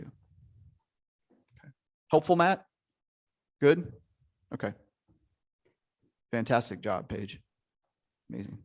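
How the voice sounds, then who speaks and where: Over a computer mic, a male relationship coach runs a live online session with energy and emphasis, checking in often and swearing casually. His mid-range voice is a little slow, with long pauses.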